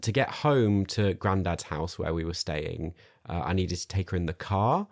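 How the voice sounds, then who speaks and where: Podcast co-host, man, lowish voice, rambling self-mocking storyteller. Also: animated, moderate pace, darkish tone. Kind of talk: casual storytelling chat.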